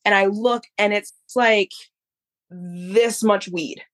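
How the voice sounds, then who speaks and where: A woman in her thirties chats as a podcast guest, spinning a story with animated energy. Her voice sits at an ordinary middle pitch, and her delivery is loose and conversational. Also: slow pace. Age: 30s. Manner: animated, acts out others' voices in quotes. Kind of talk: casual storytelling.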